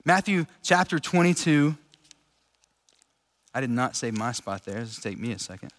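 A man preaching a relaxed, chatty sermon to a room of listeners, laughing easily as he talks. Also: mid-range voice, normal speed. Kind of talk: casual conversational sermon. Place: large room with an audience. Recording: echoey hall with long reverb.

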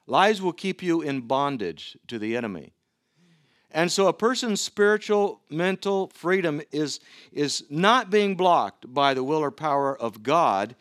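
Earnest preacher with a dry sound. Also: male voice, fairly high pitch, lively intonation, a bit bright, dry recording. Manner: earnest, with halting restarts. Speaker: pastor. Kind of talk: sermon.

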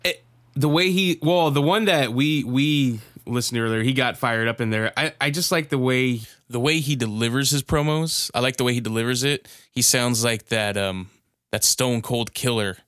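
A man's voice: medium pitch, normal speed, a bit bright, no echo, clean studio sound. A man co-hosting a casual podcast, talking earnestly, repeating himself and swearing casually. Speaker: podcast co-host.

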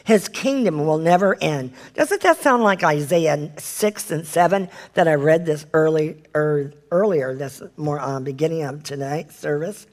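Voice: mid-range voice, a little slow, hardly any pauses, darkish tone. Earnest Bible study leader reading scripture. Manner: earnest, asks the listeners direct questions; stumbles and corrects self while reading aloud.

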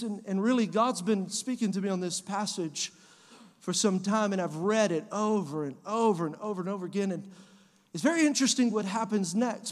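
Man, pastor, sermon, very high voice, emphatic repetition, long church-hall reverb. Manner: preachy, repeats phrases, rising to shouts. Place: church sanctuary.

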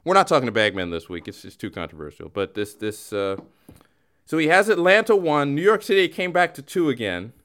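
A man's voice: fairly high pitch, big pitch swings, fairly quick, a bit bright, smooth. A man hosting a podcast in casual chat, joking around and rambling through a playful play-by-play. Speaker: podcast host.

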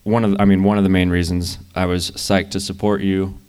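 A young man, a guest at a live interview, telling a story in an easygoing, relaxed way. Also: deep voice, a little fast, clear, resonant tone. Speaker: guest climber.

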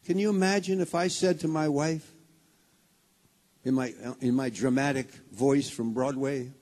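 A man preaching a sermon as pastor of a congregation, with a fervent, rising delivery. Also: mid-range voice. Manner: starts hushed and slow, builds to loud fervent preaching. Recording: long hall reverb.

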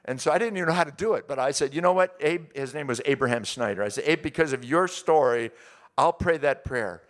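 An older man preaching, telling his conversion story in an earnest way, with his voice dropping low and soft at the emotional moments. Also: quick pace. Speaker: pastor. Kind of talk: sermon testimony.

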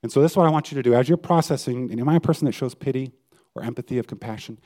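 A man's voice: medium pitch, racing, dark tone. A male pastor giving a conversational sermon and putting questions to his listeners. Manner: conversational preaching, asks the audience questions.

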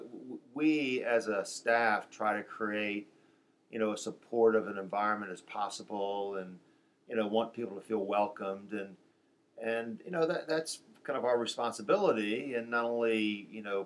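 A man on a program's staff, speaking in a rambling way with many fillers. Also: on the low side. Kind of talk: casual interview.

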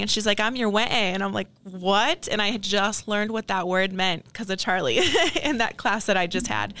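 A woman's voice: medium pitch, creaky, fairly bright tone, smooth, no echo. A young adult woman guest on a podcast, telling her story in an earnest, reflective way, with many casual fillers.

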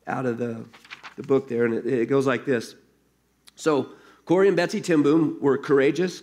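A man preaching a sermon as pastor, earnest and conversational, reading a story aloud to his congregation. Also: on the high side.

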